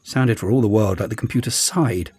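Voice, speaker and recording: A man narrating an audiobook in a lively, expressive way. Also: lowish voice, a little fast, husky, no room sound. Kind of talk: scripted narration.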